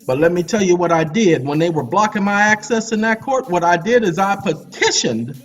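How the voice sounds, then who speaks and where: A man with a fairly high voice explains law to his viewers in a casual, animated way. He lectures and addresses the audience directly, with faint music behind him. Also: moderate pace. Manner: animated, preachy, talks straight to viewers. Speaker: channel host. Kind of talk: casual legal explainer with screen search.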